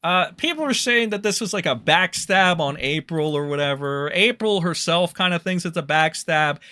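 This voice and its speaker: A man's voice: a little high, animated, normal speed, bright, forceful tone, smooth. A young man hosting a livestream, rambling and swearing as he comments on online drama and talks to his chat.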